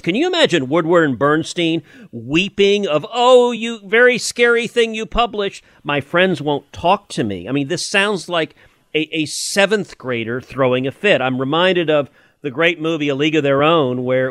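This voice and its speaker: A man's voice: fairly high pitch, a bit bright, no echo. Scornful, emphatic middle-aged man. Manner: emphatic and scornful, rising to indignant mockery. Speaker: senator and podcast host. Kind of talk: opinionated political commentary.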